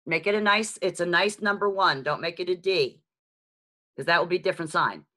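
A woman with a strong New York accent leads a beginner class over a video call. Her voice is bright and forceful, and she talks in a frank, chatty way, tossing in jokes at her own expense. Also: on the low side. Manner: lively, chatty and frank, with quick asides and self-mocking jokes. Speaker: sign language teacher. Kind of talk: live online lesson. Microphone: video call microphone.

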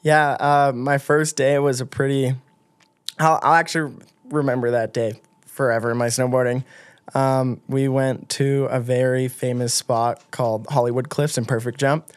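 A man in his twenties, a guest on a podcast, telling stories in a lively, casual way, full of filler words. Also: medium pitch, normal speed, clean tone, dry recording. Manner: animated, lots of filler words, acts out quotes. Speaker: guest snowboarder. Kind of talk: casual storytelling. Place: podcast studio.

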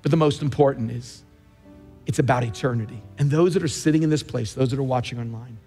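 A man's voice: medium pitch, fast talker, dark tone, faint music behind. Emphatic preaching man in a big hall. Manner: emphatic, repeats key phrases. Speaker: pastor. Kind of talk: sermon. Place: large church.

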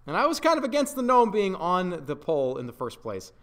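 A man's voice: high voice, huge pitch swings, fairly quick, few pauses. A man in his thirties hosting an awards show on a live stream, talking casually with stammers, restarts and jokes.

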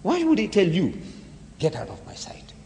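A man's voice: high-pitched, wildly swooping pitch, normal speed, vocal fry, darkish tone, slight background noise. A man giving a dramatic religious lecture full of rhetorical questions. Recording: echoey hall.

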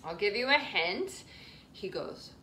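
A woman's voice: medium pitch, animated, takes it slowly, sharp tone, a little hiss or hum. A woman leading a children's yoga class in a playful, sing-song, coaxing way, with animal sounds along the way. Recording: roomy sound from a distant mic.

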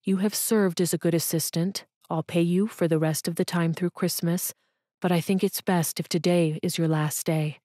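A woman's voice: lowish voice, fairly even intonation, moderate pace, dark tone, dry recording, clean studio sound, close to an everyday voice. A woman voicing an earnest businessman who sounds hurt and subdued.

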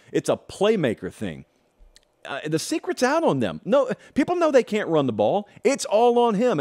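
Animated male sports host, emphatic monologue with rhetorical questions and sarcastic asides. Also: on the high side. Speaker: college football show host. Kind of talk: opinion monologue.

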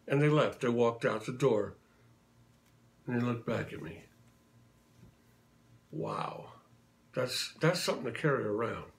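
A man in his sixties tells stories straight to the camera in a chatty, anecdotal way. His voice sits at a medium pitch. He slips into little voices for the people in his stories. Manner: chatty anecdotal, acts out quotes. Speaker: tribute performer telling stories. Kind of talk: casual storytelling to camera.

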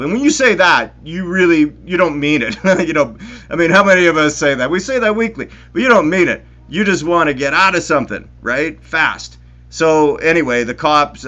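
A middle-aged man from Winnipeg, telling stories to friends on a podcast in an excitable, animated way with plenty of swearing. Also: a little high, a little fast, muffled recording. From Winnipeg, Canada. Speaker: podcast co-host. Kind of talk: casual storytelling among friends.

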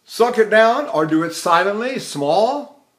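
An older man teaching vocal technique, explaining calmly and breaking into operatic tenor singing and short staccato exercises. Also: high-pitched, unhurried. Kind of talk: vocal technique lesson with sung demonstrations.

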